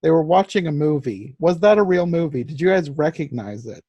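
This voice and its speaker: Mellow, higher-voiced man. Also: animated, brisk, dry recording, highs cut off. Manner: easygoing, asks questions, short laughs. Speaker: podcast host. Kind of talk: casual chat.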